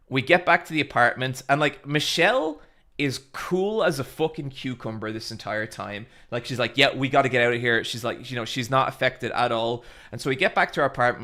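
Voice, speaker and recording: A man chatting casually on his stream and telling a long anecdote. His voice is bright and forward. He rambles and fills gaps with "like" and "you know". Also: mid-range voice. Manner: rambling and animated, with swearing and filler words. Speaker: streamer host. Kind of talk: casual storytelling chat.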